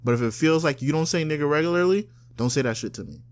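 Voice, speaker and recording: A man's voice: on the high side, lively intonation, fast. Swearing man on a casual podcast. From South Florida. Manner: loose, swearing, mimics people with voice changes. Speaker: podcast co-host.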